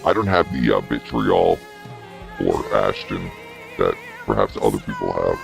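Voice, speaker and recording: A man talking in a casual group voice chat through a voice-changer filter, slow and hesitant, mulling things over aloud. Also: rumbling low, very animated, gravelly, over music.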